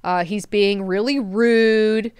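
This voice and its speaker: Animated woman recapping a book. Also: mid-range voice, takes it slowly, smooth, no room sound. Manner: animated, profane, amused. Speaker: book club host.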